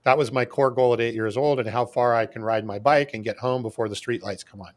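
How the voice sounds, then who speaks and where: A man's voice: mid-range voice, steady tone, brisk. A man with a mid-range voice hosting a podcast. He thinks aloud as he talks and checks his view with the others. His delivery is casual and exploratory. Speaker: podcast host.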